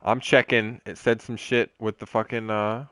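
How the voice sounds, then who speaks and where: A man's voice: on the low side, flat delivery, moderate pace, fairly bright tone, clear, resonant tone, no echo. A man streaming a game, chatting in a rambling, profane way with lots of fillers. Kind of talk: casual chat while streaming a game.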